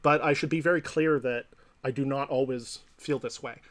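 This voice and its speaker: Man, interviewee, mid-pitch, measured explainer who keeps checking in with the listener. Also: steady tone. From Canada. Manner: thoughtful, explanatory, frequent "right?" and "you know". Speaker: interviewee, professor and psychotherapist. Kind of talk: reflective interview answer.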